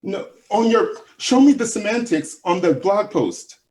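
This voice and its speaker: A male caller in a live debate, speaking in a fairly high voice that rises and falls a lot. He sounds defensive and halting, and keeps restarting his sentences as he argues back. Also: animated, a little mellow.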